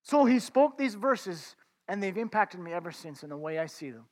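A man's voice: high voice, lively intonation, moderate pace, a little mellow. A man preaching a conversational sermon, talking informally to his listeners as friends and often restarting his words.

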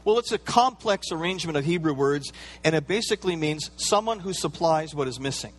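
Man, pastor, sermon, conversational preaching, slightly higher voice, playful asides. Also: lively intonation, brisk.

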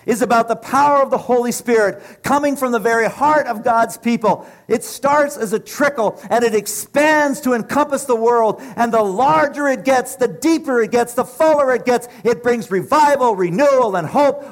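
A man's voice: extremely high pitch, moderate pace, few pauses. A middle-aged man preaching a sermon with impassioned, rhythmic delivery and repeated phrases.

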